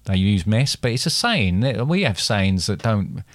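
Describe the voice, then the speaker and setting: A man co-hosting a casual podcast, playfully putting on regional accents, laughing often and drawling phrases slowly. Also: on the low side, sing-song, no echo. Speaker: podcast co-host.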